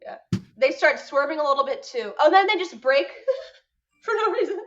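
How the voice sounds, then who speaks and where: A woman's voice: high-pitched, lively intonation, moderate pace, muffled recording, a little hiss or hum. A woman guest musician chatting casually, joking and laughing, swearing now and then. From France. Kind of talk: casual chat.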